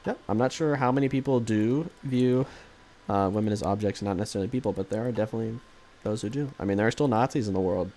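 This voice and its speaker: A man's voice: on the low side, quick pace, mellow, faint music behind. A man streaming a strategy game live, commentating casually in a rambling, jokey way that keeps correcting itself.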